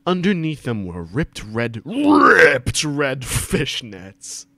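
A man giving an over-the-top comic reading aloud to friends, stumbling and swearing for laughs, on a desk mic during a voice call. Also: fairly low pitch. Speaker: reader of a fan fiction for friends.

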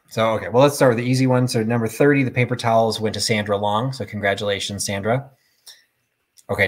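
A middle-aged man hosts a live sale in a chatty, rambling, self-deprecating way. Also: mid-range voice. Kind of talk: casual live-stream selling.

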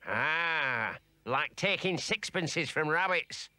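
A man voicing a dim-witted, fawning male weasel henchman who is eager to agree and slow to understand, in a storybook audio play. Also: a little high, expressive, sharp tone, dry recording, heavily acted. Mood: dopey.

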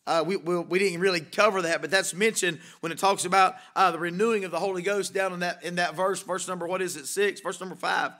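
A man's voice: sits high, steady tone, fast talker, few pauses, pushed and bright. A male pastor preaching an evening sermon in a church, emphatic, asking rhetorical questions and repeating key phrases. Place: church sanctuary.

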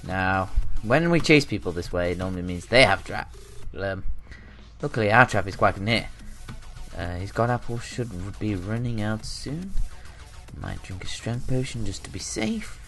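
A young man giving live commentary over his own gameplay, jumping between loud outbursts and muttered asides. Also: on the low side. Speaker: gaming channel host.

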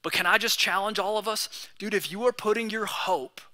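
A young male pastor delivering a sermon in a relaxed, chatty manner. His voice sits high and sounds very bright and forward. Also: a little fast. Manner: casual, conversational preaching with slang.

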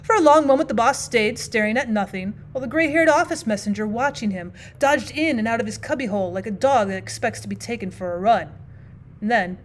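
A woman teacher reading a classic short story aloud as audiobook narration, measured and expressive. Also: on the high side, slight background noise.

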